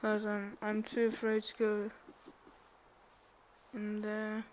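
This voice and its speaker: Slow-talking young woman playing a game. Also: medium pitch, monotone, slight background noise. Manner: chatty, thinks aloud, laughs and squeals when scared. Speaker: gamer. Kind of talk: casual gameplay commentary. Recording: game music behind the voice.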